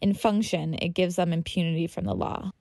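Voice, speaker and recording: A woman's voice: fairly low pitch, fairly even intonation, brisk, gravelly, warm tone, dry recording. A woman reading a personal story aloud, with vivid, dramatic delivery.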